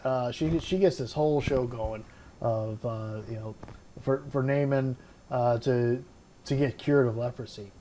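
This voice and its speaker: A man's voice: medium pitch, unhurried, warm tone, slight background noise. A man hosting a casual Bible study talk, reading scripture aloud and then musing on it with many fillers and restarts. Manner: admits unsure pronunciations. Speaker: podcast host.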